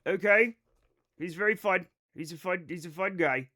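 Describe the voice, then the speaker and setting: A man's voice: high voice, normal speed, pushed and bright. A man streaming a game live, chatting loosely with his viewers, rambling and swearing.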